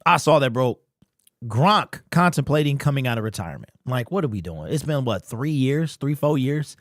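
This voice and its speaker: A man's voice: mid-range voice, lively intonation, normal speed, no room sound, studio quality. A man hosting a casual fan live stream, greeting chat members by name in loose, slangy talk.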